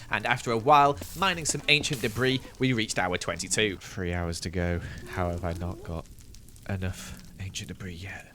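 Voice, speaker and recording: A man's voice: mid-range voice, sharp tone, a little hiss or hum. A man narrating his gameplay in a voice-over, tired and wry, poking fun at himself. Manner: tired, wry, self-mocking. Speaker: gaming YouTuber.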